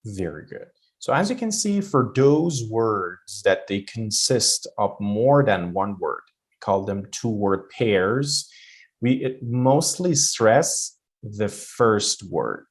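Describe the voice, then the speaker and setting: A man's voice: lowish voice, animated, takes it slowly. A man teaching a pronunciation lesson. He leans hard on the stressed words on purpose and explains at length with many fillers.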